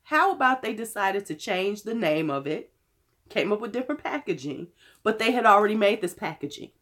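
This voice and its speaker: A woman in her fifties vlogging about beauty products in casual, blunt chat with cursing, her voice hoarse from being unwell. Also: medium pitch, expressive, a little fast, a bit bright. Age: 50s. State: hoarse from illness.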